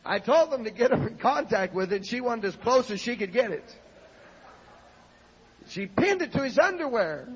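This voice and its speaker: High-voiced fervent preacher in a hall. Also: male voice, slightly rough. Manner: dramatic, fervent storytelling. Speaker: evangelist preacher. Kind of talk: sermon storytelling. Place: church. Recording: lo-fi 1970s sermon tape in an echoey hall.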